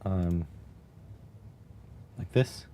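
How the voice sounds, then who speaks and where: A man streaming live, chatting casually and musing aloud in a wry, unhurried way as he types. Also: deep voice, warm tone. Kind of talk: casual live-stream chat while typing.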